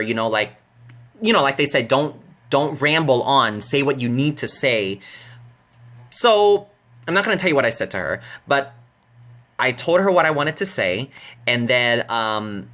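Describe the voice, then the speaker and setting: A man vlogging to camera, telling a story in a chatty, animated way with many fillers and restarts. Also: medium pitch.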